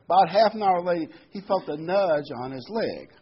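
A man's voice: high-pitched, lively intonation, normal speed, breathy edge, muffled recording. A man preaching a sermon, reading Bible verses aloud and explaining them with folksy asides and a joke.

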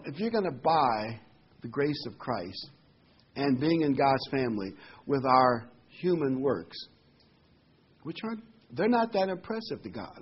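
A man's voice: mid-range voice, slightly rough. A man preaching an informal sermon, speaking in a conversational way with fillers and asides. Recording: slightly dull recording with faint hiss.

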